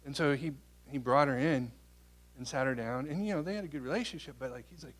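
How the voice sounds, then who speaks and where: A man giving a public talk, answering an audience question with a lively story. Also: mid-range voice, fast. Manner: animated storyteller, quotes people in their voices. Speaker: guest speaker.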